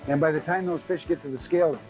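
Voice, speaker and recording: A man's voice: fairly high pitch, fast talker, darkish tone, faint music behind, poor audio. A man steadily explaining how the tournament takes care of the fish it catches. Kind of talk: explanatory interview.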